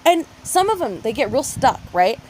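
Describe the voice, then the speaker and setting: A woman's voice: high-pitched, sing-song, moderate pace, darkish tone, slight background noise, low-quality recording. A woman co-hosting a casual podcast, talking bluntly and with exasperation, with lots of swearing. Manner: profane, blunt, exasperated ranting. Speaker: podcast co-host. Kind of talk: casual chat.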